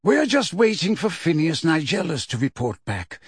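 Guy reading doing a calm old headmaster wizard, measured and polite but firm, kinda high, dry close sound. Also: slightly rough, no room sound, full character voice. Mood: calm, urgent. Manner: measured, authoritative, courteous. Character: elderly wise male headmaster wizard, calm and commanding.

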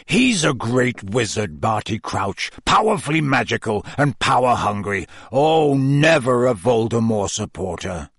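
A man voicing a grim, brooding adult wizard in a storybook reading, speaking low, slow and bitter. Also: sing-song, creaky, breathy edge, no echo, clean studio sound, exaggerated voice.

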